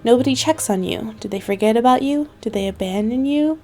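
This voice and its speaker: A woman's voice: on the high side, fairly quick, dark tone. A young woman hosting a gaming video, reading the story text aloud with playful asides. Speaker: gaming channel host. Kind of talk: let's play narration.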